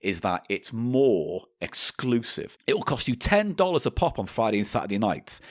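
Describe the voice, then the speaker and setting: A podcast co-host tells a story in a lively voice that swings up and down, now and then tripping over a word as he reads aloud. The recording is close and dry. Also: on the low side, normal speed, no room sound. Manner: storytelling, stumbles over words. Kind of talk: casual comedy chat, reading aloud.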